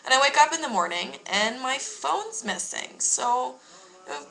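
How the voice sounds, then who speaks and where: Bright-voiced young woman telling a story. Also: high-pitched, lively intonation, a little slow, gravelly, rough recording. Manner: candid, emphatic, swears freely. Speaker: vlogger. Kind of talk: casual storytelling to camera.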